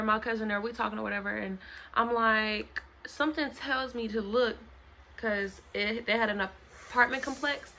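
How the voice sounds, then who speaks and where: Young woman vlogger, high-ish bright voice, lively storytime delivery. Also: a little hiss or hum. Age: young adult. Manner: animated, dramatic retelling that acts out other people's lines. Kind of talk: casual storytime to camera. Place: home.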